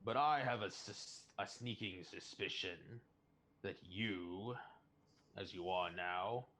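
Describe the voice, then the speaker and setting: Man doing a cheeky smooth-talking prisoner, lowish voice, unhurried and wry. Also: fairly bright tone. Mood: wry, probing.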